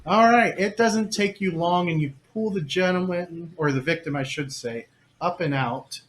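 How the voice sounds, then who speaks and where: A man acting as game master, narrating a tabletop game with calm, measured descriptions and rulings. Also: high voice, a little hiss or hum.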